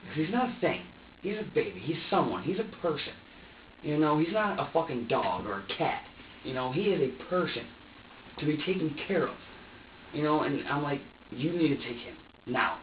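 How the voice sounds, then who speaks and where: A young man sits in a police interrogation room, giving an agitated personal account and swearing heavily as he re-enacts heated arguments. His medium-pitched voice is lively in intonation and fairly quick. A distant security camera mic captures it with echo, a dull tone, and a little hiss or hum.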